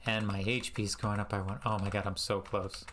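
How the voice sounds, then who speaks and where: A man streaming a retro game live, chatting in a rambling, sarcastic and self-mocking way, with sudden high exasperated outbursts. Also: little pitch movement, a little fast, fairly bright tone, slight background noise. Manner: bursts into high exasperated exclamations.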